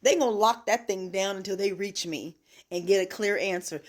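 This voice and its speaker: A woman's voice: mid-range voice, normal speed. A middle-aged woman vlogger venting in a casual, emphatic monologue and telling her story with exasperation.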